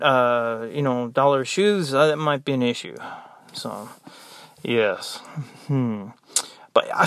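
A man's voice: mid-range voice, a bit bright, dry recording, studio quality. An American man who works as a nurse, talking in a rambling, exasperated, joking monologue. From United States. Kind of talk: casual monologue.

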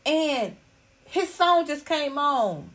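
A woman's voice: high-pitched, animated, very slow, a bit bright. A middle-aged woman hosting a podcast, talking casually to viewers in a blunt, profane and preachy way. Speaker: podcast host. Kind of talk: casual livestream talk to viewers.

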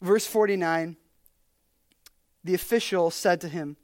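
A woman preaching a casual, humorous sermon, chatty and animated, with many fillers. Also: mid-range voice, a little slow, no room sound, studio quality. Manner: chatty, animated, uses lots of "like".

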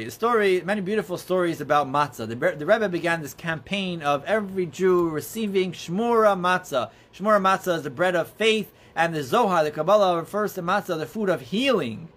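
A man earnestly telling religious stories as a teacher, in a halting, storytelling way. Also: high voice, a bit bright. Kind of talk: storytelling talk.

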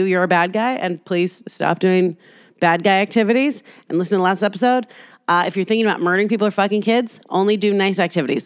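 A woman's voice: lowish voice, dry recording, studio quality. A woman hosting a solo podcast from her apartment, rambling candidly and swearing freely. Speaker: podcast host. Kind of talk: casual solo podcast monologue. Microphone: laptop.

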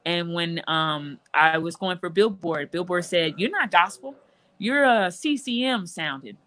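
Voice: medium pitch, measured pace, bright, forceful tone. A gospel singer guest telling a personal testimony in conversation, earnest and emotional, with frequent restarts.

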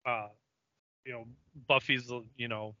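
A man's voice: mid-range voice, little pitch movement, unhurried, sharp tone, dry recording, dull audio. A man co-hosting a podcast, casually retelling a show episode with plenty of fillers and rambling asides. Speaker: podcast co-host recapping an episode. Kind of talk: casual chat.

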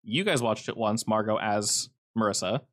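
A man's voice: on the low side, normal speed, fairly bright tone. A man narrating a tabletop game as game master, casual with many fillers.

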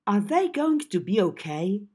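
A woman voicing a blunt, practical young woman who presses for answers, in a husky voice. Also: mid-range voice, sing-song, a little slow, dark tone, pitched above the performer's own voice. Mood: questioning. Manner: direct, questioning.

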